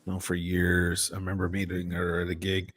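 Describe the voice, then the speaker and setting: A middle-aged Dublin man talks in a low, unhurried voice. His Irish accent has softened toward American. He tells stories loosely, drops swear words, and slips into imitations of other accents. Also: completely flat delivery. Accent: Dublin Irish, softened by years in America. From Ireland. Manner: storyteller, swears freely, mimics accents. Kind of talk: casual chat.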